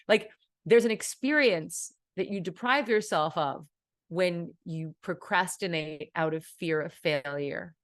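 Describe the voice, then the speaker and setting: A woman's voice: lowish voice, measured pace, no echo. A woman streamer giving casual advice in an earnest, rambling way, acting out her own thoughts as she goes.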